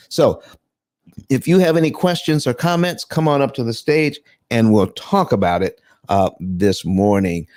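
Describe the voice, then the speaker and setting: A man's voice: fairly low pitch, darkish tone, dry recording, studio quality. A man hosting a live online room on paying off mortgages, talking loosely with many restarts and greeting listeners by name. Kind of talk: casual live room hosting, explaining finance.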